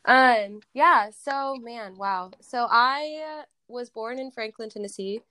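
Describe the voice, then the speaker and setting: A woman in her twenties with bronchitis, a podcast guest from Southern California, telling her story over the phone in a chatty, animated way. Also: fairly high pitch, slow, no echo. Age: 20s. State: has bronchitis. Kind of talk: casual interview chat.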